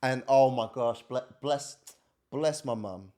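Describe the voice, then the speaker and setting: A young man, a podcast guest, telling stories in a relaxed, slangy way in casual podcast chat. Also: medium pitch, takes it slowly. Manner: laid-back slangy storytelling, acts out relatives' voices.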